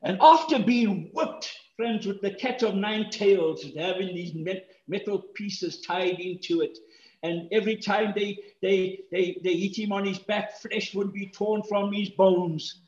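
A male pastor preaching a sermon, swinging from hushed tones to shouts and repeating key phrases for stress. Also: high voice, a little slow, roomy sound, highs cut off.

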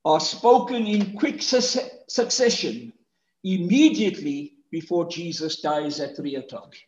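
A high-voiced male preacher delivering a sermon at an unhurried, deliberate pace. He is rhetorical and emphatic, climbing to loud shouts on key points. The recording is echoey and a little muffled. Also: expressive. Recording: echoey, slightly muffled room.

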